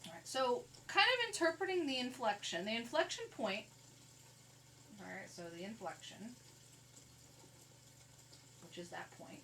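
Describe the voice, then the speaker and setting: In a recorded classroom lecture, a woman talks through each calculator step of a math lesson in a plain, conversational way. Her voice is a little high, very animated and sharp-toned, at a moderate pace. The rough recording catches her from a distance, slightly off-mic, over a faint hiss.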